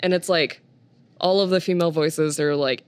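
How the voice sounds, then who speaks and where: A woman co-hosting a casual chat, animated and quick to laugh. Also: low voice, clean tone, dry recording.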